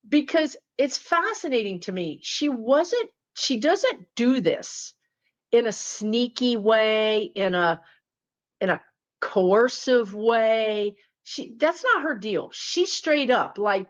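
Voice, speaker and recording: A woman's voice: fairly high pitch, lively intonation, slow pace, lo-fi sound. A woman spiritual teacher telling a story casually to her viewers, talking to them directly. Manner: chatty, talks to viewers directly.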